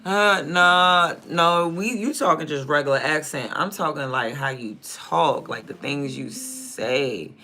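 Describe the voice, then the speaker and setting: A man's voice: on the high side, a little slow, few pauses, pushed and bright, slight background noise. A man from Prince George's County with a DMV accent, chatting casually on a livestream, rambling and thinking aloud as he trails off mid-sentence. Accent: DMV (Washington, D.C. area). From Prince George's County, Maryland. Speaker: streamer.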